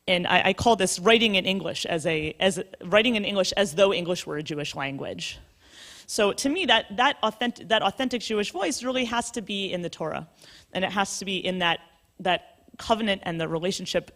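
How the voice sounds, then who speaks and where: A woman novelist speaks on a conference panel. She is thoughtful and hesitant, pausing on fillers and restarting her phrases as she works out her answer. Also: fairly low pitch, fairly bright tone. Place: conference hall.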